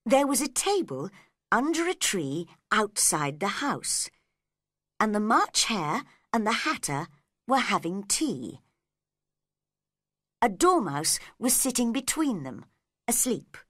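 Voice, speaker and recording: A woman reading a storybook aloud slowly and clearly for learners. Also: mid-range voice, no room sound, studio quality. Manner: slow, clear, lively reading. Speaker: reader. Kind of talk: storybook read-along narration.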